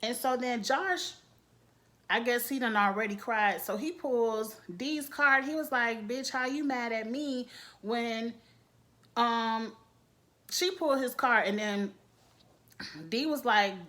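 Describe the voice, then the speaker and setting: Woman vlogger, AAVE, sassy reality-TV recap, lively asides. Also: a little high, slow. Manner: sassy, animated, quotes cast members. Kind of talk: casual recap commentary.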